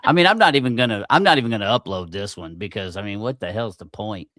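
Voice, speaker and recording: Cursing, easily riled podcast host. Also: male voice, fairly low pitch, lively intonation, quick pace, fairly bright tone, dry recording, clean studio sound. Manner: profane, easily aggravated, self-mocking. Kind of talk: casual livestream chat.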